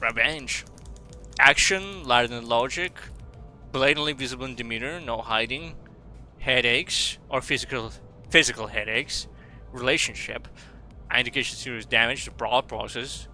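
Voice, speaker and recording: A man's voice: medium pitch, normal speed, sharp tone, faint music behind. A man with an Australian accent doing casual, rambling gaming commentary, reading game text aloud between asides. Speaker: streamer.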